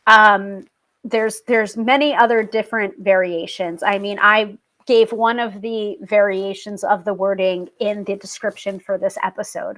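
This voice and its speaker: A woman hosting her own tarot show, chatting casually to viewers, animated and quick to laugh. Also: mid-range voice. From family British. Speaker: tarot reader and show host.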